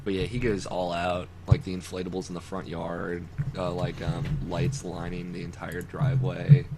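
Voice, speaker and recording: Over loud music and noisy call audio, a low-voiced man hosting a podcast tells stories on a video call at a moderate pace, laughing a lot in an easy, animated chat.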